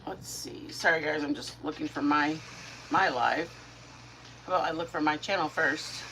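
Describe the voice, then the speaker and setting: A woman's voice: fairly even intonation, moderate pace, slight background noise. Chatty middle-aged woman on a live stream. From Michigan. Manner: chatty, warm toward viewers, greets chat by name, talks to her dogs in a high baby voice. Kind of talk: casual live-stream chat.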